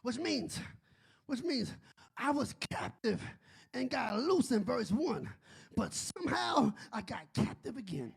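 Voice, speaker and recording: A man preaching a sermon as a bishop, shouting and building into a singsong whoop. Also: very high voice, very animated, a little slow, creaky, breathy edge.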